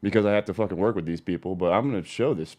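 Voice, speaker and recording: Middle-aged guy hosting a weed seed show, lowish voice, swears nonstop, casual. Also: very fast. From Denver, Colorado. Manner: profane, angry ranting that turns calm and chatty. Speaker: host of a cannabis seed business show. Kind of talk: casual ranting livestream talk.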